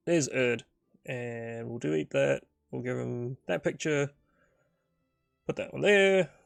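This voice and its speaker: A man's voice: mid-range voice, gravelly, no room sound, studio quality. A man narrating and thinking aloud through a solo tabletop game in a casual, rambling way full of fillers.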